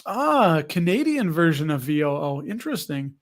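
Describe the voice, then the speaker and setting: A man's voice: on the high side, very animated, normal speed. A man hosting a casual chat about dividend investing, rambling with joking, sarcastic asides as he reads viewer comments. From United States. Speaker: dividend investing channel host.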